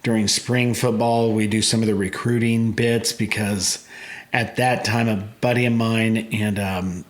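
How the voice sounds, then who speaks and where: Casting: man in his forties, guest telling animated anecdotes. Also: lowish voice, measured pace. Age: 40s. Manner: animated storyteller, acts out quoted voices. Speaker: guest, food truck owner. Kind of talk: casual storytelling interview.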